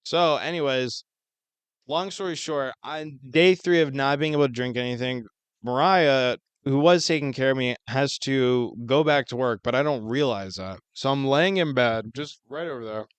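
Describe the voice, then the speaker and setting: A man's voice: medium pitch, moderate pace, clean tone, dry recording. A young man co-hosting a podcast, telling a long story in casual chat, swearing a lot. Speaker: podcast co-host.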